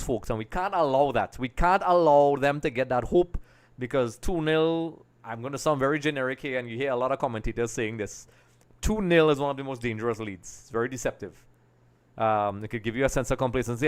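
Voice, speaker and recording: Man, stream host; smooth, mid-pitched, casual chat with excited play-by-play bursts. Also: fairly quick. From Trinidad and Tobago. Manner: chatty, reads comments aloud, bursts into excited play-by-play. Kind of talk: live watch-along commentary.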